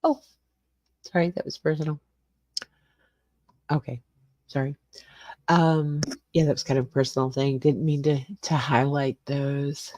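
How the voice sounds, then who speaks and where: An older woman talks casually to her livestream viewers, greeting them by name and wandering from topic to topic. Her voice sits low and mellow. The sound is dry and close. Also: steady tone, a little slow, pauses often, no echo. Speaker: livestream host. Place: small garage suite with cement floor.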